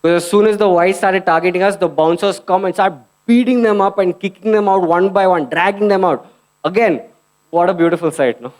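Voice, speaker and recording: A man's voice: high voice, fairly quick. A young man doing a stand-up set, punchy and conversational, often addressing the crowd. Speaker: stand-up comedian.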